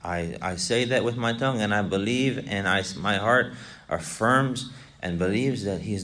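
Male religious teacher, deep voice, repeats himself, quizzes the class. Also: normal speed, hardly any pauses, a bit bright. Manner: repetitive, asks students questions, mixes Arabic recitation. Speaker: Islamic teacher. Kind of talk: classroom lesson explaining a text.

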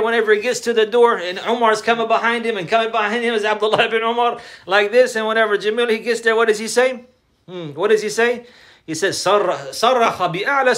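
Fast animated male religious storyteller. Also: high voice. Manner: animated retelling, quoting Arabic then translating, acts out shouts. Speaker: religious teacher. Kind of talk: sermon storytelling.

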